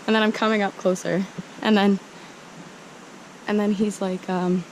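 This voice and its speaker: A woman's voice: mid-range voice, little pitch movement, unhurried, darkish tone, a little hiss or hum, low-quality recording. A young woman chatting casually while hiking, giggly and self-deprecating, filmed on a handheld camera outdoors by flowing water. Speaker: vlogger.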